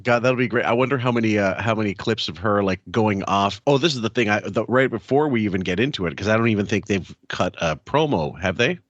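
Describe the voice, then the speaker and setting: A man co-hosting a podcast in casual chat, chatty with halting restarts, laughing as he reads. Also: on the low side, no echo, muffled recording. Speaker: podcast co-host.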